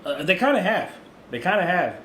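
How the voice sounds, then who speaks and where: A Mexican-born man raised in the US, co-hosting a podcast in relaxed, laughing casual chat. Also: high voice, brisk. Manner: laughing, relaxed, says dude and bro. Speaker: podcast co-host. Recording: echoey room with faint noise.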